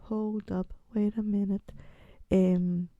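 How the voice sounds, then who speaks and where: A woman in her forties hosting a casual solo podcast. She rambles and pokes fun at herself, and she sounds croaky from a chest infection. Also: mid-range voice, little pitch movement, takes it slowly, dry recording, phone-quality sound. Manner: rambling, chatty and self-mocking. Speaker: podcast host.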